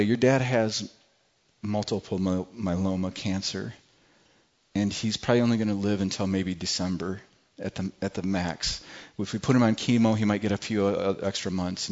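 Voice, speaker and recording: A middle-aged man, a pastor, telling a personal testimony from the pulpit in a church, earnest and halting with frequent restarts. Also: fairly low pitch. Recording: dull lo-fi recording.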